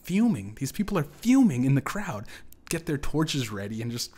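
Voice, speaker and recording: A young man rants alone into his podcast mic, swearing freely and wandering from thought to thought. His voice sits in an ordinary middle pitch, then shoots up loud when he gets worked up. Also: very animated, normal speed. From Canada. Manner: profane, rambling, with sudden loud jumps. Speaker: podcast host. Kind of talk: solo podcast rant.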